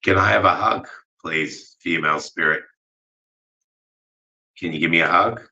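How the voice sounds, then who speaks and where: Low-voiced man calling to spirits. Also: highs cut off. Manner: slow, polite requests with long pauses; gets emotional and soft-spoken. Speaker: ghost hunter. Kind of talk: dowsing-rod spirit session.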